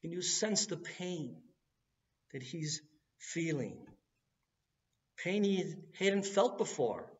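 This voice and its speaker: Male preacher, unhurried earnest sermon delivery, recorded from a distance with a dull sound. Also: a little high, expressive. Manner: earnest, building to cries at key moments.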